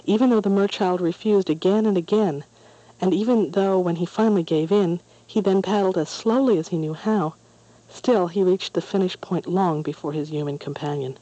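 Calm storybook reader, mellow and dark in tone. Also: medium pitch, normal speed, no echo, dull audio. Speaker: narrator. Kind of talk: storybook narration.

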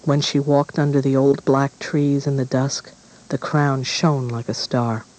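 A man narrating a gothic fairy tale in a measured, dramatic reading. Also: medium pitch, little pitch movement, darkish tone, low-quality recording. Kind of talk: storybook narration.

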